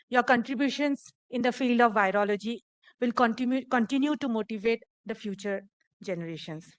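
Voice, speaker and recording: A woman with an Indian English accent making polite, measured announcements as emcee of a formal event. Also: a little high, a bit bright, no room sound, poor audio. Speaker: master of ceremonies.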